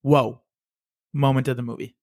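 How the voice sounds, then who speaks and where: Excitable young man podcaster, filler-heavy. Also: medium pitch, fast talker, no room sound, clean studio sound. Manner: loose, excitable, lots of "like" fillers. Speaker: podcast co-host. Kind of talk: casual chat.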